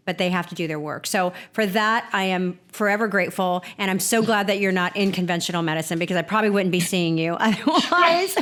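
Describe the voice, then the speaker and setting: Casting: woman podcast host, mid pitch, chatty and effusive, rambling warmth of thanks. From California. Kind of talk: casual interview chat.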